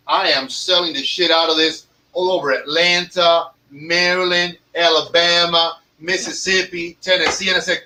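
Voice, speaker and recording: A man's voice: high-pitched, pushed and bright, slight background noise, rough recording. A man who owns a cigar lounge, telling stories in a profane, emphatic podcast rant. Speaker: cigar lounge owner and tobacconist.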